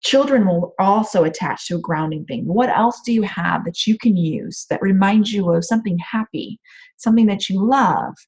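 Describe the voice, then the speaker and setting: A woman's voice: mid-range voice, normal speed, a little mellow, husky. A woman coach giving casual, rambling advice on a group call from her home office, with frequent "um" fillers. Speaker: empath coach.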